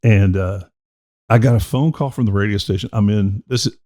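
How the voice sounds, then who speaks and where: A man's voice: on the low side, moderate pace, dark tone. A middle-aged man, a podcast host and former radio DJ, telling rambling, profane stories in casual chat.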